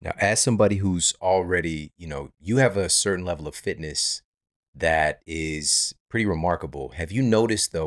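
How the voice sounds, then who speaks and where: A man hosting a podcast interview, asking curious questions in a relaxed, affirming way. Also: low-pitched, no echo, clean studio sound. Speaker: podcast host.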